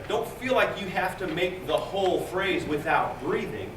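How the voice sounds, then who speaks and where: High, lively choir director in an echoey room. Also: male voice, measured pace, recorded from a distance, noisy background. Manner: coaching and counting in beats, jokey asides. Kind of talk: rehearsal instruction. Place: large rehearsal room. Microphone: distant room mic. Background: choir singing.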